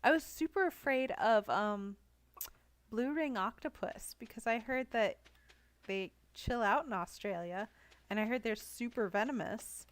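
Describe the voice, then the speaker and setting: Slow, giggly woman streamer. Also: a little high. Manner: giggly, chatty, reads chat aloud. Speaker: game streamer. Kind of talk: casual live-stream chat.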